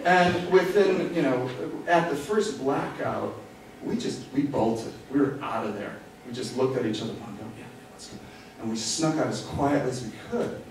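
A man's voice: mid-range voice, moderate pace. A man telling a self-mocking story on stage, acting out the quoted lines as he goes. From United States. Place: theater stage. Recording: echoey theater from far off, noisy.

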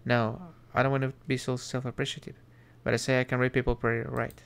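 A man voicing a crude male devil on a train, low and gravelly, talking slowly. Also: flat delivery, close to an everyday voice. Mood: drawling. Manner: slow, crude, drawling.

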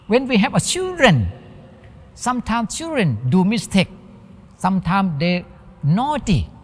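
Monk preaching, lively high voice. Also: male voice. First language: Thai. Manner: simple halting English, acts out little dialogues. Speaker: Buddhist monk giving a dharma talk. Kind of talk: sermon. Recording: long hall reverb.

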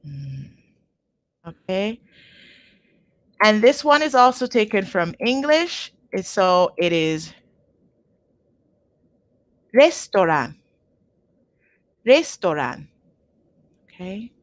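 A woman gives a live online language lesson at a slow, unhurried pace, repeating each word carefully. She keeps checking in with her learners as she goes. Her voice is close and dry, as if recorded at home on a computer mic. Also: mid-range voice, very animated, no room sound. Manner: patient, checks in with frequent "okay?", models words slowly twice. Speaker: language teacher.

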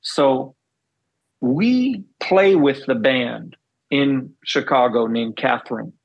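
A middle-aged man, a former band bassist, telling stories in a casual interview and acting out the dialogue he recalls. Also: slow pace, husky, highs cut off. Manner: animated storyteller, acts out quoted dialogue.

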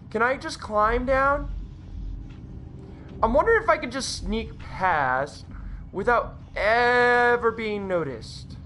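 A woman's voice: on the high side, expressive, slow pace, fairly bright tone, a little hiss or hum. A woman giving jumpy, panicky horror game commentary, yelping and talking to herself. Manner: jumpy, panicky, yelps and exclaims, talks to herself. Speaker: gameplay commentator.

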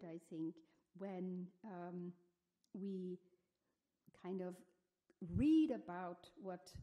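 Woman speaker at a symposium, mellow tone, hesitant academic delivery with lots of restarts. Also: mid-range voice. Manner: thoughtful, hesitant, many fillers and restarts. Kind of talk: academic conference talk. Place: museum symposium hall.

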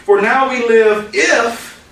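A man's voice: extremely high pitch, steady tone, slow pace, gravelly, a bit bright. A man, a pastor, teaching the Bible verse by verse in a conversational way, quoting scripture and telling anecdotes. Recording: echoey hall, mic at a distance.

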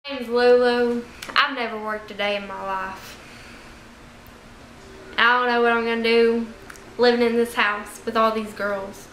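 A woman's voice: fairly high pitch, steady tone, unhurried, pauses often, fairly bright tone. A young woman playing a spoiled, lazy party girl, speaking offhand in a mock reality-show confessional. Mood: blasé. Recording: echoey room with faint noise.

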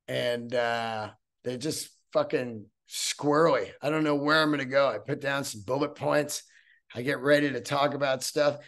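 A man hosting a solo podcast episode, talking in a profane, rambling, animated way. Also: mid-range voice. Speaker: podcast host.

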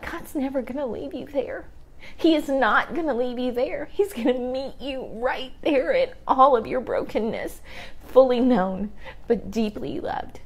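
A woman with a fairly high voice delivers a heartfelt devotional teaching over a livestream. She speaks earnestly and leans on repeated phrases for emphasis. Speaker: ministry leader. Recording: livestream video.

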